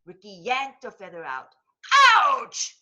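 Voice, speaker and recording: Bright-voiced woman reading a kids' book aloud. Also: mid-range voice. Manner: slow, expressive read-aloud delivery. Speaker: storybook reader.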